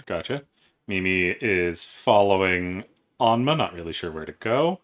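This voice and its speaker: A man with a lowish, bright voice serves as game master. He talks briskly and settles the rules as he goes, counting out distances for his players. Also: lively intonation. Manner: brisk, works out movement rules aloud. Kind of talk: running a tabletop game.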